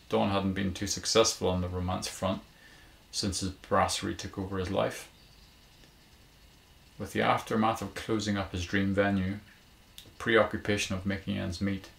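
Gravelly, deep-voiced man reading a story. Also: reverberant. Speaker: author reading his own story. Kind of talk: scripted story narration. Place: small garden cabin.

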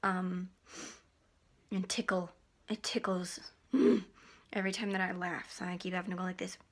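A woman's voice: on the low side, little pitch movement, moderate pace. A teenage girl vlogging in casual chat, rambling and giggling with lots of likes and ums, keeping her face still as she talks. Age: teens.

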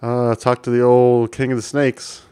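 A man's voice: medium pitch, monotone, a little slow, mellow, clear, resonant tone, no room sound. A man casually commenting while playing an old adventure game, reading game text aloud with amused chuckles.

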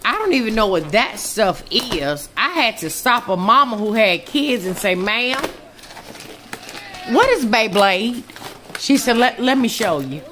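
A woman's voice: a little high, very animated, normal speed, hardly any pauses, a bit bright, a little hiss or hum. An older woman, a grandmother chatting animatedly and teasing her family in a casual home vlog. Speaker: vlogger and grandmother.

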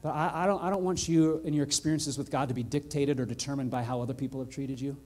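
A male pastor preaching a sermon in a church, earnest and heartfelt, building to excited emphasis. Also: mid-range voice, quick pace. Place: church sanctuary.

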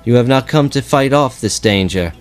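A man's voice: mid-range voice, animated, moderate pace, soft background music, voice pushed up, close to an everyday voice. A man voicing a dying wild man who pleads with his friend, in a raised and urgent tone. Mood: pleading.

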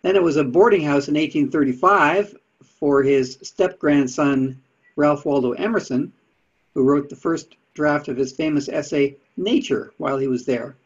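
A presenter of Unitarian history talks is heard giving an informal, chatty slide lecture with dry asides. His voice is a little high and slightly rough, his pace normal, and the sound is dull and lo-fi.

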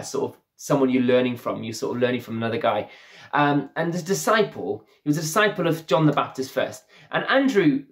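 Storytelling preacher with a slightly high voice. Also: male voice. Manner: storytelling, acts out the characters' lines. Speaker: pastor. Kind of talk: sermon. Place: church, streamed online service.

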